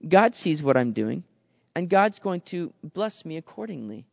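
A pastor with a high, creaky voice delivers a lively, conversational expository sermon at an unhurried pace, calling his listeners guys and repeatedly slipping into the grumbling voices of people in his story. The recording is dry and a little dull, with no echo yet a big-room sound.

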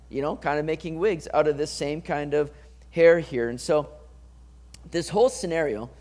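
A man preaching a sermon, reading scripture and acting out the people in the story with lively commentary. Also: fairly high pitch. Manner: animated, acts out voices of the people in the story. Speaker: pastor.

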